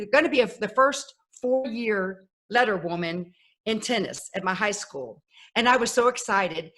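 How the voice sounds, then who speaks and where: A woman in her fifties, a podcast guest telling her life story in a lively way and acting out the voices of people she quotes. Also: mid-range voice. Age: 50s. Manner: animated, acts out quoted voices. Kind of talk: personal storytelling.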